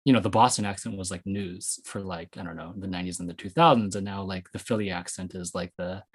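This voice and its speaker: A man with a low, husky voice leads a loose, casual conversation. He rambles, restarting sentences and padding them with fillers as he thinks aloud. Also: fairly even intonation, fast. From US West Coast. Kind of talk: casual discussion.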